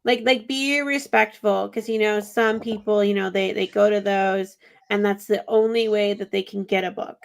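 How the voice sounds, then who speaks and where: A woman's voice: mid-range voice, steady tone, normal speed, gravelly. A woman chatting as a guest on a book podcast, teasing and playful. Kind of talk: casual chat.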